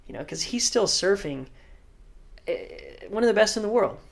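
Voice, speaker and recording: A man telling a story in casual chat, animated, acting out quotes and laughing. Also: sits high, moderate pace, creaky. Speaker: guest surfer.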